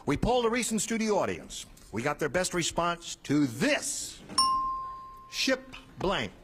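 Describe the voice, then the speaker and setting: A man's voice: high voice, huge pitch swings, a little slow, breathy edge. A man hosting a television game show, bantering and joking with contestants and panelists in a 1970s studio. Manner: jokey, bantering. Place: 1970s TV studio with live audience. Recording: old TV broadcast, loud audience and music.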